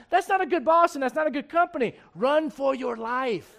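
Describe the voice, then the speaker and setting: A man preaching a sermon in church, animated and digressive, with frequent asides to the congregation. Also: very high-pitched, a little fast, hardly any pauses. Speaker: pastor. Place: church sanctuary.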